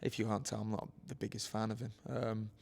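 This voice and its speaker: A man's voice: on the low side, flat delivery, a little fast, gravelly, a little mellow. A young man from England, a boxer, speaking earnestly in an interview with many fillers and restarts. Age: 20s. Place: boxing gym, indoors.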